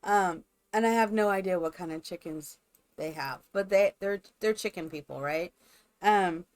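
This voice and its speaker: A woman live streamer chatting casually and rambling to her viewers while she builds in a game. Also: mid-range voice. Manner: chatty, rambling, talks to chat.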